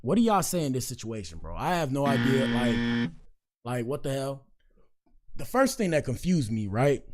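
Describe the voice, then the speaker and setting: A man's voice: medium pitch, a little mellow. A man hosting a casual livestream, reading viewer comments aloud and joking with his audience in slangy, direct talk.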